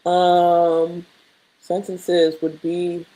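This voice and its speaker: Slow low-voiced woman thinking aloud. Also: steady tone, dark tone, breathy edge, low-quality recording. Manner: muttering, self-correcting, drawn-out practice phrases. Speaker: language learner building a study sheet. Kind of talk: casual screen-share lesson, thinking aloud.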